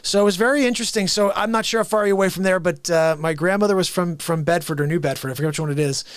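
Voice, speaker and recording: A man hosting a live call-in show, his voice sitting high and recorded dry and close. He talks in an animated, chatty way and laughs easily. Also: rapid-fire, clear, resonant tone, no room sound. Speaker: host.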